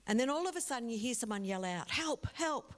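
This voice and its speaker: A woman's voice: on the high side, expressive, rapid-fire. A middle-aged woman giving a public talk as a guest speaker, telling a vivid story and speaking directly to the audience. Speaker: guest speaker from a drug foundation.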